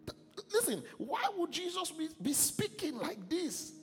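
High gravelly preacher guy, swings his pitch all over, church hall echo and faint music. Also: measured pace. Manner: animated, call-and-response questions to congregation. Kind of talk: sermon.

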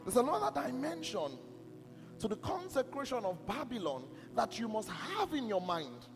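Male preacher, high and lively delivery, insistent sermon, reverberant church hall with soft music. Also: moderate pace. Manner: emphatic, repeatedly asks if listeners are listening.

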